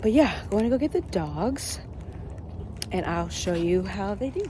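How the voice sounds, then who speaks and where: A woman's voice: medium pitch, expressive, measured pace, noisy background. A woman vlogging casually while walking through a neighborhood, talking into a handheld phone with lots of filler ums. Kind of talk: casual vlog.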